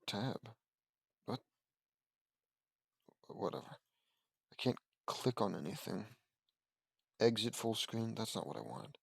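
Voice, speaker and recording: A man's voice: lowish voice, very animated, takes it slowly, vocal fry, pauses often, fairly bright tone, husky, dry recording. Rambling man reading aloud, dry sound. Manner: rambling, self-correcting, offhand asides. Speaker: audiobook reader and commentator. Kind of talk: casual read-aloud with commentary.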